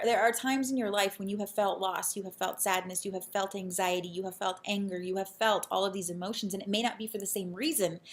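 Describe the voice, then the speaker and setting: An earnest young woman shares what she has learned in a casual personal vlog. Her voice sits at an ordinary middle pitch. She circles back and restarts her sentences as she thinks aloud. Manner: earnest, reflective, many restarts. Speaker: real estate agent and vlogger.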